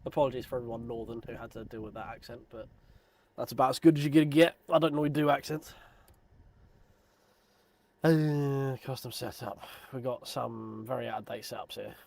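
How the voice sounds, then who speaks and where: Man in his thirties, sim racing streamer, loose self-deprecating chatter, mid-pitched voice. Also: flat delivery, fairly quick, gravelly, darkish tone, no room sound. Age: 30s. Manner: rambling, self-deprecating, joking. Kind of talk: casual live stream chat.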